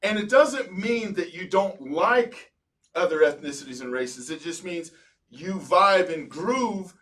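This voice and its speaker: A man hosting a podcast as a psychologist, telling stories in an animated way and slowing to stress points. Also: sits high, recorded from a distance, rough recording. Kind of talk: casual interview chat.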